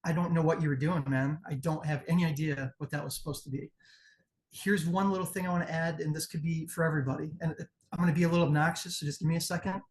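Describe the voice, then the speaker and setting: A man with a Midwestern American accent and a somewhat high voice judges wrestling promos in a blunt, profane, candid critique, even acting out crowd chants. He talks fast with fairly even intonation.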